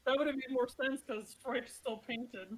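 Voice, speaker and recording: Woman GM, slightly high voice, relaxed and chatty tabletop narration. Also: moderate pace, poor audio. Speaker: game master.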